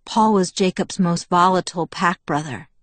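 A woman narrating a first-person novel in a steady, measured storytelling voice. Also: lowish voice, no room sound. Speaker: audiobook narrator.

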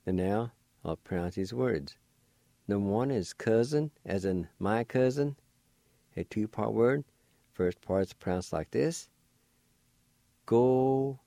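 A man teaching vocabulary in a radio lesson, spelling words letter by letter and sounding out each syllable slowly and deliberately. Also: fairly low pitch, gravelly, dark tone, no echo. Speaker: language teacher.

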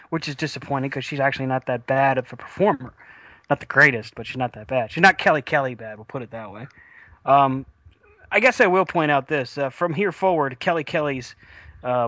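A man's voice: medium pitch, bright, forceful tone, dry recording. A man hosting a wrestling podcast in casual chat, rambling with many fillers and restarts, and he has the hiccups.

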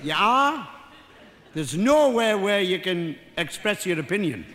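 Older Geordie comic, high bright voice. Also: male voice, lively intonation, a little slow, a little hiss or hum. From North East England. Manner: rambling, self-mocking banter with the audience. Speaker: stand-up comedian. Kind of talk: stand-up comedy routine. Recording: live hall with faint crowd ambience.

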